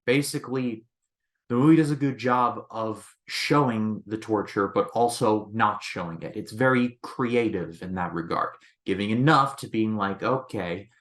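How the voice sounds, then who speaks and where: Host of a casual movie review channel, a man with a slightly low voice, rambling style full of restarts. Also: moderate pace, a bit bright. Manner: rambling, leans on "basically" and restarts.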